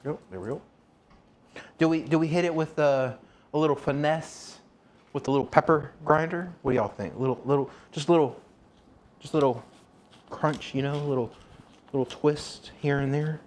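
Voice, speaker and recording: A man's voice: fairly high pitch, normal speed, long pauses, a little mellow, a little hiss or hum. A man streaming live from his kitchen, chatting with viewers and rambling as he cooks. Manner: chatty, asks viewers questions, rambles while working. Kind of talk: casual live-stream chat.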